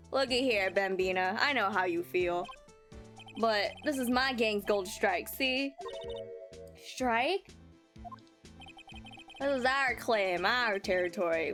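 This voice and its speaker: A woman voicing a swaggering male cowboy detective in a game, talking in a slow, folksy drawl. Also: mid-range voice, fairly bright tone, faint music behind, close to an everyday voice. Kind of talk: game dialogue read aloud.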